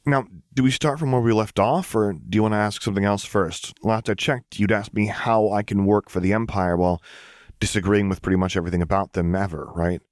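A man voicing Luke, an earnest, flustered teenage boy who looks after a group of clones, with a hurried, protective manner. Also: fairly low pitch, steady tone, dry recording, studio quality, natural voice. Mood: explaining. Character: earnest teen male clone caretaker, flustered.

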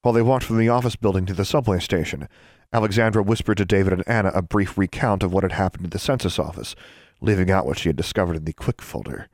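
Steady and measured, a male narrator with a deep voice reads a scripted audiobook story. There's no room sound, just a clean studio recording.

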